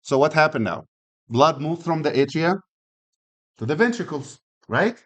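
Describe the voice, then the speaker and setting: A man's voice: on the high side, expressive, moderate pace. A man teaching an anatomy class, explaining step by step, checking in with frequent rhetorical questions and restarting phrases. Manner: uses physical demonstrations while explaining. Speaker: anatomy and physiology instructor. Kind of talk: classroom lecture.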